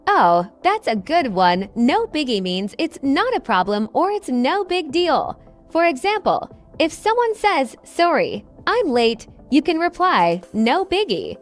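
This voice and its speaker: A woman with a high, bright-sounding voice that swoops up and down a lot. She co-hosts a scripted English lesson, cheerfully explaining slang with examples. Soft music plays underneath. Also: big pitch swings, unhurried. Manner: upbeat, explains phrases with examples. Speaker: co-host and English teacher.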